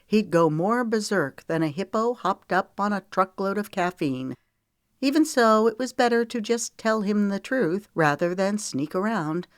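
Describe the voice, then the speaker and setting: A woman narrating an audiobook in a measured, expressive reading style. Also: low voice, no room sound, clean studio sound. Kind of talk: scripted narration.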